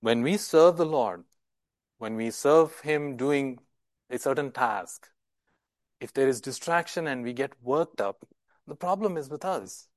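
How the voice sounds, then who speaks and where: A man's voice: mid-range voice, animated, measured pace, dry recording. Man preaching an emphatic sermon. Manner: emphatic, repeats words, asks rhetorical questions.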